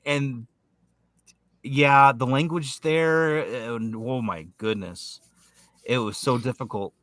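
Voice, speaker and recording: A British man co-hosting a casual online chat, his voice bright and forward. He is recorded dry and close, and he teases and stumbles over his words as he jokes along. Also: mid-range voice, takes it slowly, dry recording. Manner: joking, stumbling restarts. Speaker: co-host.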